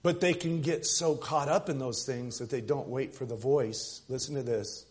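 Preaching pastor, loud then hushed. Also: male voice, mid-range voice, normal speed. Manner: preaching with swings between loud emphasis and soft near-whispers. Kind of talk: sermon. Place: church service.

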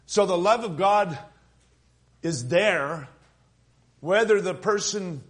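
Guy preaching casually, cracking jokes, voice sits a bit high for a man. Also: slow pace. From Tucson, Arizona. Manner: conversational, joking asides. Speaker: pastor. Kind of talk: sermon.

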